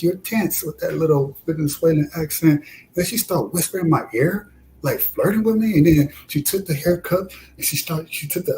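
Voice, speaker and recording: A man's voice: slight background noise, rough recording. A man from Detroit, animatedly telling a story in casual chat. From Detroit, USA. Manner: animated, acts out quotes with rising pitch. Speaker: discussion guest.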